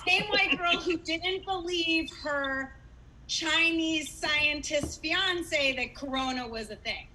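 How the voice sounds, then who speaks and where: A woman's voice: sits high, slow pace, pushed and bright, slight background noise, low-quality recording. A woman stand-up comedian with a dry, self-deprecating delivery.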